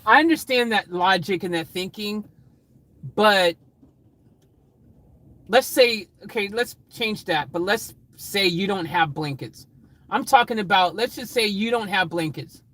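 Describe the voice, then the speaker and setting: A man chatting casually on a livestream, reading out chat comments and rambling excitedly with frequent laughter. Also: sits high, unhurried, low-quality recording.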